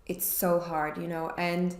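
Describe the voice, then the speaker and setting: A woman co-hosting a chat, speaking softly and supportively. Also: fairly low pitch, little pitch movement, unhurried. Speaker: podcast co-host. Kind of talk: casual chat. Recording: echoey room.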